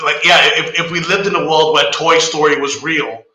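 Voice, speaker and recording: A man chatting casually as a guest, relaxed and agreeable, with easy chuckles. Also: a little high, moderate pace, a little hiss or hum. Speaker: guest friend. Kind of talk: casual chat. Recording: echoey room.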